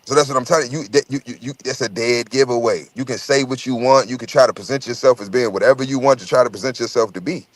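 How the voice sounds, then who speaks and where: A man's voice: mid-range voice, fast, hardly any pauses, no room sound. A man in casual chat, telling profane, rambling stories and repeating his words as he goes.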